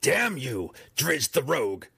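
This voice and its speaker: Man putting on a higher, sly dark-elf high priestess, imperious, audiobook fantasy, husky and dry. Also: huge pitch swings, slow pace, dry recording, exaggerated voice. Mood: commanding. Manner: falsely sweet, then imperious. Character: cunning female drow high priestess, commanding.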